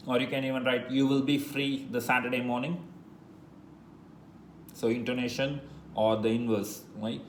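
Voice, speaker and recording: A man teaching a French lesson in English, patiently repeating phrases slowly and spelling words letter by letter. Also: medium pitch, flat delivery. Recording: echoey room with faint noise.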